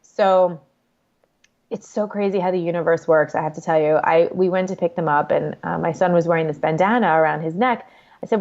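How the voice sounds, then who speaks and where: A woman in her forties telling her story as an interview guest, candid and quick, with lots of fillers. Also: on the low side, a little mellow. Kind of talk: conversational interview. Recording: dull lo-fi audio.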